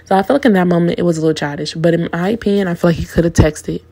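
A woman's voice: fairly low pitch, very fast, warm tone. A woman in her twenties giving a casual, opinionated recap of a reality show, talking candidly and in slang straight to her viewers.

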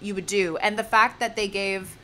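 A woman's voice: mid-range voice, level tone, normal speed, a bit bright, slight background noise. A woman co-hosting a casual podcast discussion, talking emphatically and often saying "like" and "you know.". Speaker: podcast co-host.

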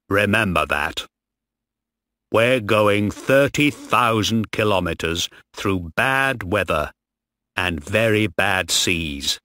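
A strict captain giving orders , as a male narrator puts him on. He speaks very slowly and deliberately in a low voice, with a dry close sound. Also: bright, forceful tone, no room sound, full character voice.

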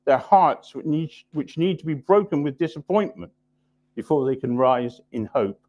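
A man preaching a sermon in a church, driving points home through repetition and often dropping his voice low and quiet for emphasis. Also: lively intonation, moderate pace, lo-fi sound. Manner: emphatic repetition, drops low and soft for weight.

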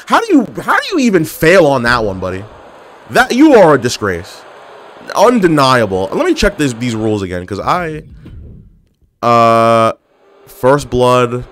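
A man's voice: mid-range voice, huge pitch swings, a little slow, long pauses, fairly bright tone. A young man giving live gameplay commentary, trash-talking his opponents and getting exasperated with the match. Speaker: gaming commentator.

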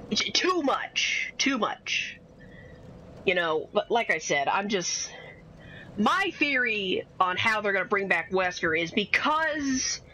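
A young woman talks over her gameplay in a loose, rambling way and swears freely. Her voice sits at an ordinary pitch but sounds bright and sharp. A faint hiss of background noise sits under the recording. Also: poor audio. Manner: rambling, swears often, swings from chatty to exasperated outbursts. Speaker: gaming streamer. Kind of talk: casual gameplay commentary.

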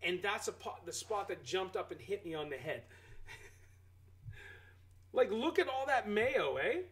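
A man hosting a live game stream who talks straight to his chat. He rants in an animated, exclaiming way, and his pitch swings widely up and down. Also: unhurried, rough recording.

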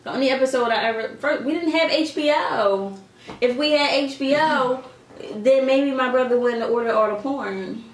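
A young woman with a Philadelphia accent, chatting casually and laughing easily while hosting a meal vlog. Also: sits high. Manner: laid-back, chatty, quick to laugh. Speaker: vlog host. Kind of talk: casual chat over a meal. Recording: echoey room, far from mic, noisy.

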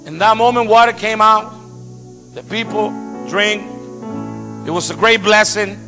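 A middle-aged pastor preaches with a high, bright voice, telling stories with playful asides. Soft piano music plays in the background. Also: male voice, a little slow. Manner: storytelling, animated, playful asides. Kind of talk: sermon.

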